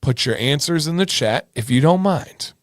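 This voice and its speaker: A man's voice: a little high, animated, normal speed. A man in his thirties hosting a casual livestream, joking with viewers and breaking into bits of song. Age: 30s. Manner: jokey, sings snatches of songs, chats with viewers. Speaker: livestream host.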